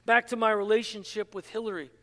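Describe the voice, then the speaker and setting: A man delivers an impassioned sermon in a strikingly high voice. His tone is bright and forceful, and it rings out with a long reverb as if in a large church hall. He leans on rhetorical questions and pokes fun at himself. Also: fairly even intonation, quick pace. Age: adult, married. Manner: self-mocking humor with laughter. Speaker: pastor.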